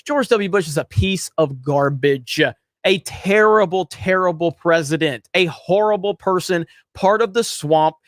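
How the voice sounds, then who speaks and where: A man with a notably high voice rants through a livestream, heated and profane. He hammers his points with repetition and breaks off to read out viewer chats. The sound is dry and close, with no room echo. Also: fairly bright tone. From Florida. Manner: profane, heated and emphatic, repeats himself. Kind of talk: ranting political commentary.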